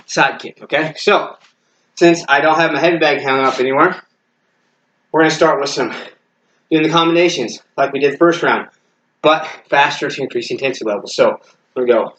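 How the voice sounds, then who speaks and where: A martial arts fitness instructor talks his class through a workout while doing every move himself. He counts reps out loud and calls out his strikes as he punches. He sounds out of breath as the session goes on. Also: fairly high pitch, fast talker, dull audio, a little hiss or hum.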